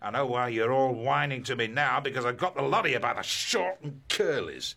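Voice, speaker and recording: An actor playing a middle-aged male town governor, bullying and sarcastic, booming out at times in a period comedy. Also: expressive, brisk, creaky, bright, forceful tone. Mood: gloating. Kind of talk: stage-style period comedy acting.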